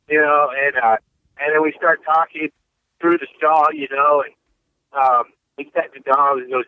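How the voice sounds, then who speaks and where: A man's voice: a little high, fairly even intonation, normal speed, no room sound. Man telling stories over a tinny line. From Ohio. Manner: rambling, many fillers. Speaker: guest comedian. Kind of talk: casual storytelling.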